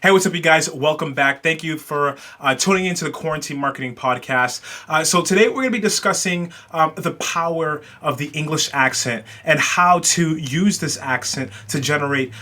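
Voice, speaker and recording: An American man hosting a solo podcast, speaking casually with frequent filler pauses and hesitations. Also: on the high side, sharp tone. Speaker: podcast host.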